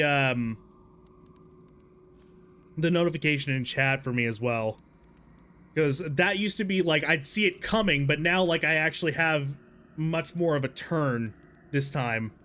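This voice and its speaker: A man live-streaming a horror game, chatting in a rambling, self-deprecating way and breaking into yelling and swearing at the game. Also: a little high, a little slow, pauses often. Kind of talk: casual live gameplay commentary.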